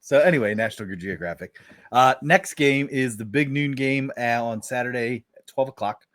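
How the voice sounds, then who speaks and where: A man's voice: mid-range voice, moderate pace, fairly bright tone, dry recording, studio quality. A man co-hosting a sports podcast, easygoing, moving the talk from game to game. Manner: easygoing, leads the segments. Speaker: podcast co-host. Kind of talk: casual sports chat.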